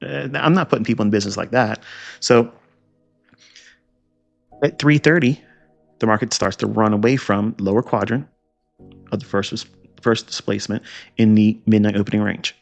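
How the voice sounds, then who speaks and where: A man's voice: on the low side, normal speed, gravelly, pauses often, soft background music. A man teaching chart trading in a lecture, emphatic and repetitive, firing rhetorical questions and scolding asides. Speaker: trading educator.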